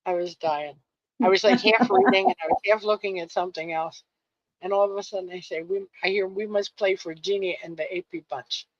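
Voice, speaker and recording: A woman's voice: medium pitch, steady tone, a little fast, dry recording, muffled recording. A woman co-hosting a poetry show, chatting in a giggly, exclamatory, rambling way. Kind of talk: casual chat.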